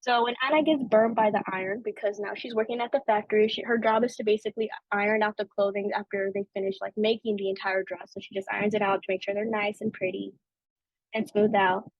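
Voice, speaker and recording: A woman's voice: mid-range voice, steady tone, quick pace, dry recording, highs cut off. A young adult woman hosting a podcast, talking through a film in a casual, chatty way with lots of "like" and "you know". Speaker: podcast host.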